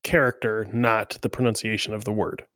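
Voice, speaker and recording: A man's voice: lowish voice, flat delivery, moderate pace, a bit bright, no echo. Man, wry quips, casual chat, dry close recording.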